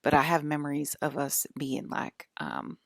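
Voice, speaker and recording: Woman, 40s, low and creaky, rambling home-vlog monologue, dry close sound. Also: expressive, moderate pace, no echo. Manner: rambling, filler-heavy, keeps asking "okay?". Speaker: channel host.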